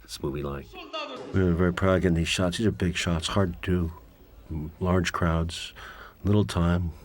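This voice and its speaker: A man's voice: deep voice, fairly even intonation, moderate pace. A man giving a director's commentary, telling candid, wry, rambling stories about a film shoot. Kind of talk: director's commentary, reflective storytelling.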